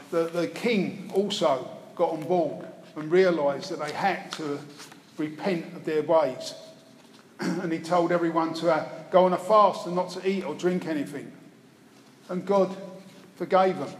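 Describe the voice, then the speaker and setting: A man preaching a sermon, retelling a Bible story with wry storytelling asides. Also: on the high side. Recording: echoey hall, faint room noise.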